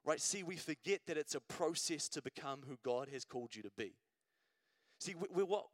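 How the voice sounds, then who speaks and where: A male preacher delivers a sermon in a relaxed, conversational way and keeps asking the congregation "right?". His voice sits a little high, and the sound is dry and close. He builds to emphatic repeated phrases. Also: brisk, no room sound. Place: church service.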